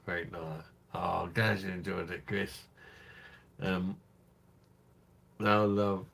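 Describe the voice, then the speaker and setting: Tipsy man, low and slow. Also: fairly even intonation, gravelly, fairly bright tone. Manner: crude, rambling and affectionate toward viewers. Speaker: live stream host. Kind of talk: drunken casual live-stream chat.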